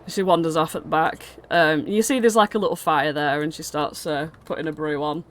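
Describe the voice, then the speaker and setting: A woman's voice: deep voice, fairly even intonation, brisk. A woman narrating a tabletop game as game master, in a casual, rambling way with many fillers.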